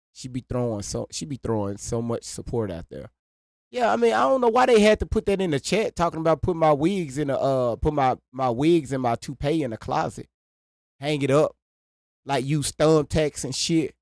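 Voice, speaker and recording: This livestream host has a medium-pitched, slightly mellow voice, captured in studio quality with no echo. He rambles casually, swears freely, and keeps breaking into laughter.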